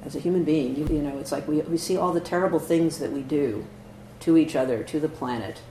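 A Zen teacher gives a conversational dharma talk in a meditation hall, answering questions and often asking "right?" and "you know". His voice is a little high and warm, fairly quick, heard in an echoey hall with faint noise.

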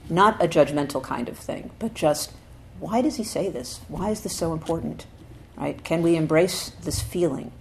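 Low-voiced woman giving a dharma talk. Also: gravelly, a little hiss or hum. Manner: thoughtful, often checks in with "right?"; reads quotations slowly and with emphasis. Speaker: Zen teacher.

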